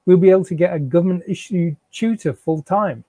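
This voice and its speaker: During a live fiction reading, a man voices a defensive, out-of-work young father who stammers and pleads with his wife. His voice is high, brisk and mellow, with no room sound.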